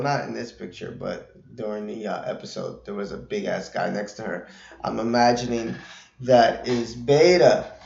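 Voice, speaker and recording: A man's voice: medium pitch, gravelly, darkish tone. A man hosting a podcast, giving a loose, profane, casual recap of an episode, full of "you know" asides. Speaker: podcast host. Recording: roomy, dull lo-fi recording.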